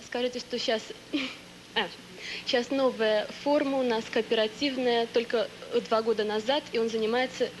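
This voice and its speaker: A pageant contestant from the Soviet Union with a Russian accent, a native Russian speaker answering in halting English in a live stage interview. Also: female voice, on the high side, steady tone, slight background noise, low-quality recording. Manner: hesitant halting English, searching for words.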